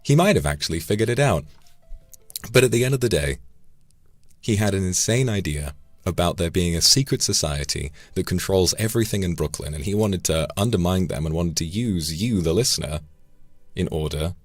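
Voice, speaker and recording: A man's voice: sits low, animated, a little fast, no echo, faint music behind. A man casually chatting on a livestream, swearing now and then and tripping over repeated words. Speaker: streamer.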